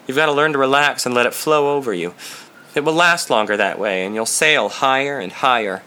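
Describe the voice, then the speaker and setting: A man voicing a frank, easygoing young male hustler in a soft, relaxed way in an audiobook. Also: mid-range voice, fairly quick, smooth, close to an everyday voice.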